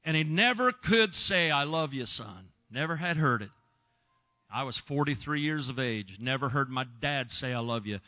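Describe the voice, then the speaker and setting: A man's voice: medium pitch, lively intonation, moderate pace. Man telling an emotional sermon story. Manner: emotional storytelling, swings from hushed to loud. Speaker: preacher. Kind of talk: sermon testimony.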